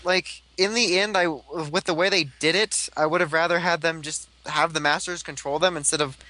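A man's voice: on the high side, fairly even intonation, normal speed, bright, forceful tone, rough recording. A young man chatting casually about a TV show, rambling with lots of fillers. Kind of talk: casual fan chat.

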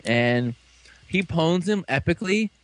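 A man chatting through an episode recap with a lively, bouncing delivery that swoops up and down. His voice sits a touch high for a man and sounds dry and close, with no room around it. He tells the story casually, full of fillers and quick bits of acted dialogue. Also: no room sound. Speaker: fan reviewer recapping an episode. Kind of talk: casual recap chat with friends.

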